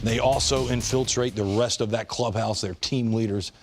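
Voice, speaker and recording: A man, a former pitcher and analyst, telling stories earnestly in a conversational studio sports discussion. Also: fairly even intonation, normal speed, over music.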